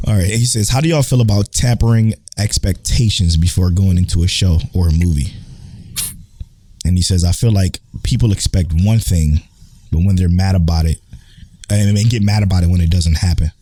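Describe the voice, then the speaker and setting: A man co-hosting a podcast in relaxed chat, telling stories with plenty of swearing. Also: low-pitched, normal speed, breathy edge. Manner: laid-back storytelling, swears freely. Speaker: podcast co-host. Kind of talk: casual chat.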